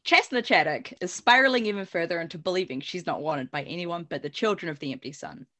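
A woman's voice: fairly low pitch, fast, a bit bright. A woman podcast host casually recapping book chapters, giggly and swearing freely.

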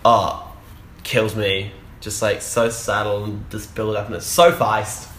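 A man's voice: fairly low pitch, level tone, measured pace, a bit bright, a little hiss or hum. A man co-hosting a podcast in casual chat, gushing and enthusiastic, with lots of "like" fillers. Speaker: podcast co-host. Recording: roomy echo.

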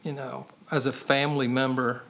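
A man's voice: medium pitch, flat delivery, moderate pace, creaky, a bit bright. A man sharing his personal testimony as a podcast guest, earnest and conversational, often adding "man" and "you know.".

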